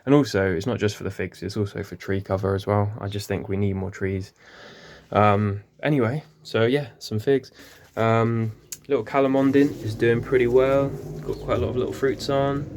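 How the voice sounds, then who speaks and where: Rambling man with low voice. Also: steady tone, normal speed, a little mellow. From England. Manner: rambling, many ums, self-correcting. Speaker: gardening vlogger. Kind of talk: casual walk-through tour. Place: small greenhouse.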